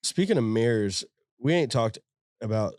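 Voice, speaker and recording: A man's voice: mid-range voice, lively intonation, moderate pace, darkish tone, dry recording, clean studio sound. Laid-back slangy male podcast host. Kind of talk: casual chat. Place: inside a tour bus.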